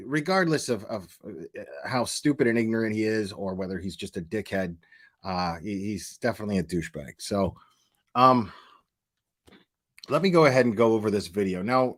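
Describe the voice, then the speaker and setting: An American man hosts a casual livestream, voice sitting in a plain middle pitch. He rants with crude, profane mockery and stops to thank viewers for super chats. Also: fairly bright tone. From United States. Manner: crude, profane, mocking ranting. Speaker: commentary channel host.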